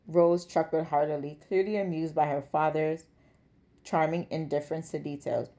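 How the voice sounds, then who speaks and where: A woman with a slightly low voice reads a novel aloud for her book podcast. Her delivery is measured and expressive, the steady voice of a storyteller. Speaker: book club podcast host.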